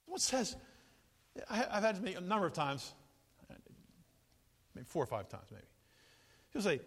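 An older man preaching a sermon in an animated, jokey way, often laughing and acting out quotes. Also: high-pitched, normal speed, pauses often, long reverb tail. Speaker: pastor.

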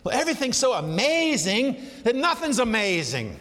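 A man preaching a sermon in a conversational, animated way, often asking his listeners questions. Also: extremely high pitch, normal speed. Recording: long hall reverb.

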